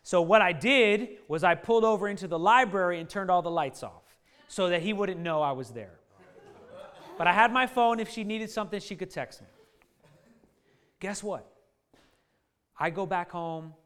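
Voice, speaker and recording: A man in his thirties telling a funny family story to a live audience, lively and joking, often laughing at his own lines. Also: high-pitched, moderate pace, long pauses, clear, resonant tone. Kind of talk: animated anecdote to a live audience.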